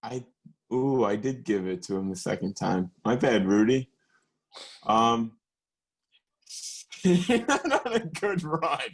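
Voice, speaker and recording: A man's voice: on the low side, takes it slowly, vocal fry, pauses often. Laughing, profane young man co-hosting. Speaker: podcast co-host. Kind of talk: casual chat.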